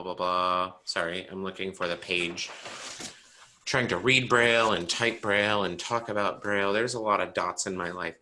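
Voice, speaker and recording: Brief: male teacher on a video call, bright tone, quizzes students and jokes as he explains. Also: mid-range voice. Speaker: braille teacher. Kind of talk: online class instruction.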